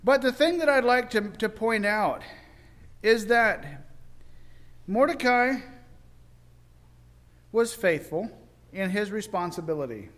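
A man with a high voice tells an old story in a loose, folksy way. He talks like he is chatting with friends and keeps jumping into the characters' voices. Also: lively intonation, slow, long pauses, fairly bright tone. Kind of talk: informal Bible story retelling.

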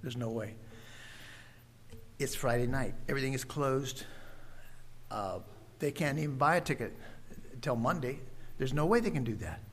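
A man voicing a forceful middle-aged Russian woman, speaking in a flat, resigned way. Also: mid-range voice, normal speed, long pauses, husky.

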